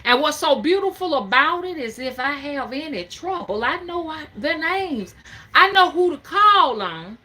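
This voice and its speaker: A woman's voice: high-pitched, big pitch swings, measured pace, bright, forceful tone. A Southern woman over fifty, a spiritual reader, talking to camera in a folksy, emphatic, preaching cadence. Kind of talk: casual talk to camera.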